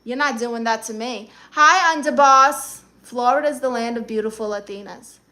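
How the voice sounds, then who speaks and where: A woman's voice: fairly high pitch, normal speed, sharp tone. A woman hosting a live stream, reading viewers' comments aloud and answering them in a sassy, blunt, teasing way.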